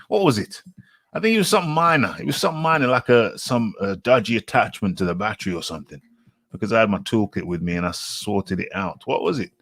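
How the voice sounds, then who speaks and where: Man, low voice, rambling live-stream host, dry close sound. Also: a bit bright, no room sound. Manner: rambling, self-correcting, repeats phrases. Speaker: boxing talk show host. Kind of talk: casual live-stream chat.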